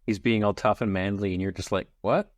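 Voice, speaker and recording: A man's voice: lowish voice, level tone, fast, no echo, studio quality. Jokey man podcast co-host. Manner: jokey, laughs often. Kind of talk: casual book club chat.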